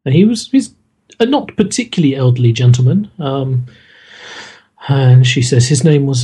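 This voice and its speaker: Husky-voiced man running a tabletop game. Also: mid-range voice, lively intonation, warm tone, poor audio. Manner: hesitant, halting, chuckling. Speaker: game master.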